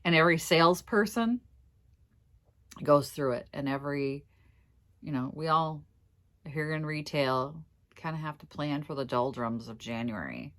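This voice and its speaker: A woman's voice: low-pitched, normal speed, long pauses, a bit bright. A middle-aged woman from Minnesota talking casually to her vlog viewers, emotional and tearful, laughing through it. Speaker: vlogger.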